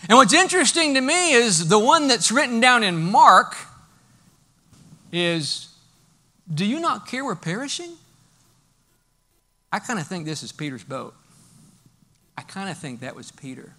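A man preaching a sermon as a pastor, telling stories in an animated way and swinging between loud bursts and hushed lines. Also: sits high, moderate pace, long pauses.

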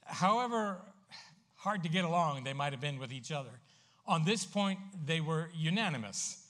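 A man preaching a sermon as pastor, swinging from emphatic, loud lines to hushed asides. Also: a little high, expressive, normal speed.

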